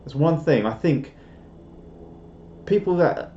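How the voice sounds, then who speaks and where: A young Englishman rambles through a casual live stream chat, reading viewer comments and poking fun at himself. His voice is mellow and a little dark. The sound is roomy and slightly dull, like a home setup. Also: on the high side, expressive, slow, slight background noise. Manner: rambling and self-deprecating, with chuckles.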